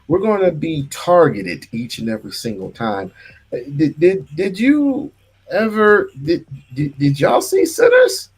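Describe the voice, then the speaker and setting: A man's voice: a little high, huge pitch swings, unhurried, husky. A man hosting a casual livestream, talking in bursts with stammered restarts and repeated words. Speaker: livestream host.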